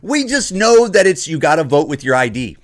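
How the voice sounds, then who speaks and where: On his opinion podcast, the Ohio host mocks people with put-on voices during a repetitive, confrontational rant. His sing-song voice sits on the high side and moves fairly quickly.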